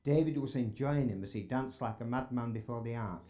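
A man's voice: medium pitch, brisk, warm tone. A man preaching a sermon in a church sanctuary, earnest and building to emphatic exclamations.

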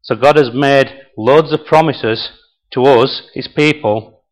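A man's voice: medium pitch, takes it slowly, low-quality recording. A man preaching a sermon in a chatty way, often asking his listeners questions, his voice a little tired and strained. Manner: chatty, asks the congregation questions. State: voice tiring, clearing throat. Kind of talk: sermon with a told joke.

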